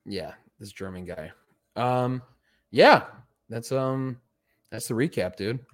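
A man hosting a sports podcast, talking in an easygoing, offhand way with drawn-out fillers. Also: medium pitch. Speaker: podcast host. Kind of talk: casual chat.

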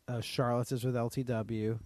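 A man's voice: medium pitch, little pitch movement, moderate pace, a little mellow, dry recording. A man co-hosting a casual TV recap podcast, chatty and easygoing, hedging his views. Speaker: podcast co-host. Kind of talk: casual chat recapping a TV show.

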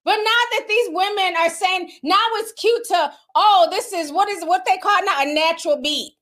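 A woman's voice: very high-pitched, moderate pace, a bit bright. A woman commentator in casual chat, talking bluntly and with animation, swearing freely.

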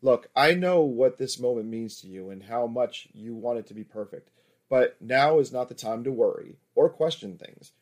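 A man's voice: medium pitch, animated, moderate pace, natural voice. A man reading a teasing seductive woman. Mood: coaxing. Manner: teasing, coaxing. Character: confident seductive experienced woman lover. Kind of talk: erotic audiobook reading.

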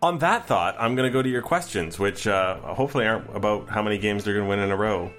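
A man's voice: on the low side, fast, a bit bright, soft background music. A man co-hosting a podcast in casual sports chat, wry and joking, with rambling asides. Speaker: podcast co-host.

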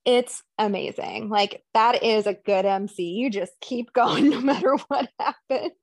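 A woman's voice: fairly high pitch, measured pace, no echo. A woman co-hosting a podcast, casually recapping a film and acting out the characters' lines. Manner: animated retelling with quoted voices. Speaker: podcast co-host. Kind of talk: casual movie recap chat.

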